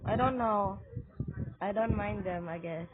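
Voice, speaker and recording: A woman narrates her own gameplay in an unhurried drawl, breaking into loud frightened yelps. She comes through a thin, phone-like mic with a steady hiss of noise behind her. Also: mid-range voice. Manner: loud, jumpy, frequent scared shrieks and exclamations. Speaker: gamer. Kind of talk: excited let's-play commentary.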